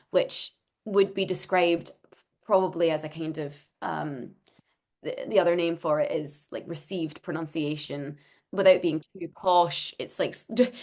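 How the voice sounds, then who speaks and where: A woman with a neutral Scottish accent, a voice actor chatting in an interview over a video call, laughing often and restarting her sentences. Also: on the low side. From Scotland. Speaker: voice actor guest. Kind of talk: casual interview chat.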